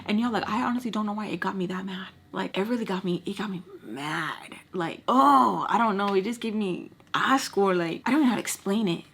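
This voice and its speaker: Husky young woman telling a story. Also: medium pitch, a little fast, hardly any pauses. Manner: chatty, lots of "like" fillers, acts out quotes in lively bursts. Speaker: storytime vlogger. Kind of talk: casual storytelling while doing makeup.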